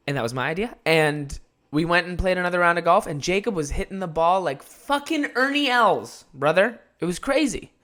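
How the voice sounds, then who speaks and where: Profane, animated young guy. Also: high-pitched, a little fast. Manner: animated, profane, rambling, laughs often. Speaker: podcast host. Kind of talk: casual solo podcast storytelling.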